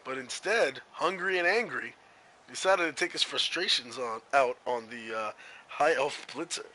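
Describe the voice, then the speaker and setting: A man doing play-by-play commentary on an online match, excitable and rambling, often laughing. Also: mid-range voice, moderate pace, a little hiss or hum, rough recording. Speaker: play-by-play announcer.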